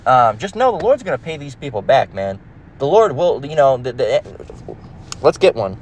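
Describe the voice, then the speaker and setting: A man's voice: medium pitch, very animated, moderate pace, slight background noise. A man preaching in a casual, emphatic, profane manner, reading scripture and rambling with restarts, recorded in a car. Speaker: religious teacher.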